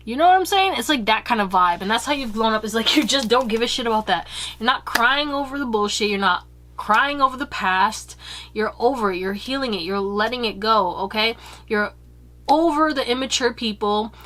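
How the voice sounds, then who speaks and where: A woman talking straight to camera as she gives a tarot reading. She is chatty and candid, swears casually, and sits slightly high in pitch. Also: moderate pace. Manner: acts out quoted remarks in higher, louder voices. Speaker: tarot reader.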